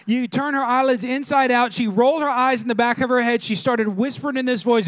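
High-voiced animated preacher man. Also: a little fast, few pauses, dry recording. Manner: animated, engages the crowd with questions. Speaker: pastor. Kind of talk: humorous storytelling sermon.

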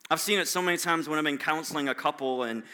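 A male pastor delivering a sermon in a high, strikingly bright and sharp voice. He speaks conversationally, pokes fun at himself, and often restarts his sentences. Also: quick pace. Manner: conversational, self-deprecating, with frequent restarts.

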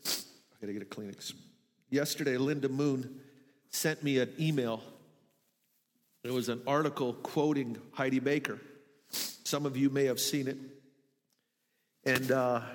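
A man's voice: mid-range voice, in a large hall. A middle-aged man preaching a sermon in a church, earnest and emphatic. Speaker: pastor. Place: church sanctuary.

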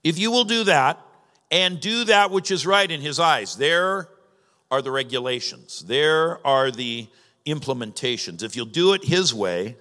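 A man's voice: fairly high pitch, lively intonation, unhurried, sharp tone. A man preaching a sermon as pastor, teaching in a conversational way with emphatic rises. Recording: long reverb of a large hall.

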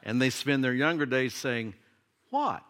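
A man's voice: mid-range voice, animated, a little slow, background noise. A middle-aged man preaching a sermon to his congregation in a conversational way, full of questions and light humor. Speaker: pastor.

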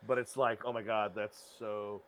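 A man's voice: lowish voice, level tone, moderate pace, fairly bright tone, a little hiss or hum. Blunt, irreverent man chatting. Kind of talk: casual chat.

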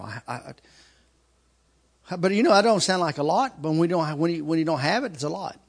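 High-voiced man preaching a lively sermon. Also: brisk, gravelly, long pauses. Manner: animated, with shouted outbursts and laughter. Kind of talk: sermon storytelling.

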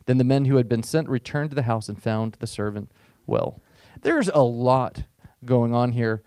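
A male pastor giving a sermon in a casual, conversational manner, stumbling and repeating words as he restarts his thoughts. His voice sits at an ordinary middle pitch. The recording is close and dry, with no room sound. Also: normal speed, darkish tone, no echo.

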